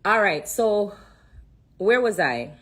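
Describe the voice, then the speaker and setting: On a social-media live stream from her phone, a woman shares an earnest, emotional testimony, repeating herself and fighting back tears. Her mid-range voice is a bit bright, and she speaks slowly but with lots of animation.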